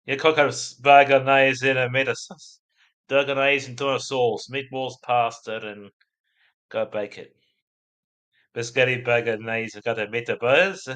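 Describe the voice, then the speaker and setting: Bright-voiced Australian man streaming. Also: medium pitch, flat delivery, unhurried, smooth. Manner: rambling, chatty, laughs at chat. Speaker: livestream host. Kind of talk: casual livestream chat.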